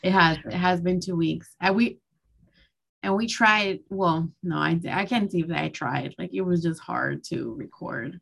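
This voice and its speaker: A woman's voice: lowish voice, measured pace, creaky, a bit bright, husky. A young woman co-hosting a podcast in casual chat, playful and teasing, often trailing off mid-thought. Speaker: podcast co-host.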